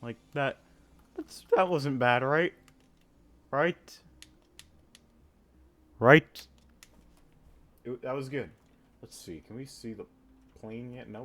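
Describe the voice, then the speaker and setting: A man casually talking through a flight simulator game, thinking aloud with many pauses and filler words, and breaking into sudden excited outbursts. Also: mid-range voice. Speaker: flight sim gamer. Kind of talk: casual gameplay commentary.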